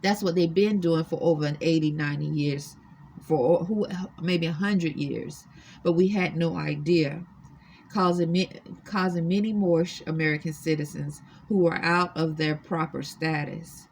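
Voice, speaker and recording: A woman's voice: low-pitched, moderate pace, gravelly, a little mellow, a little hiss or hum. A woman earnestly recounting her own experiences to the camera from a hotel room, insistent and emphatic. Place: extended-stay hotel room.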